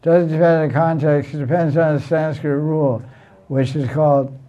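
A man's voice: fairly high pitch, steady tone, moderate pace, mellow. Blunt, teasing male teacher, lo-fi recording. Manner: blunt, teasing, repeats himself. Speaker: Sanskrit teacher. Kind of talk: informal classroom lecture.

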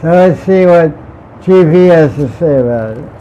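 A man's voice: a little high, animated, normal speed, mellow. A man teaching a scripture class in a playful way. He laughs often and puts questions to the class. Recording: dull lo-fi sound with faint vehicle noise.

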